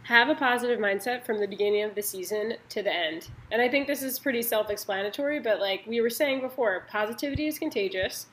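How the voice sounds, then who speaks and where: A woman's voice: a little high, quick pace, few pauses, fairly bright tone, poor audio. A young woman co-hosting a casual chat, reading sports tips in an upbeat way with lots of "like" and "um".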